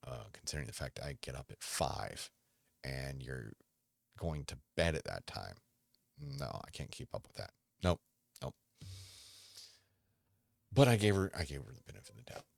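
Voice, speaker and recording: A man in his forties with an extremely deep, gravelly voice talks casually as a solo podcast host. He rambles and halts, restarting his sentences often. The sound is dry and close. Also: sing-song, dry recording. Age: 40s. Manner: rambling, halting, with many restarts.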